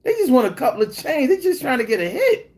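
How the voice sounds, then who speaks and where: A man hosting a casual livestream, reading chat and telling joking, profane stories. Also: fast talker. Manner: animated, swings high when telling stories.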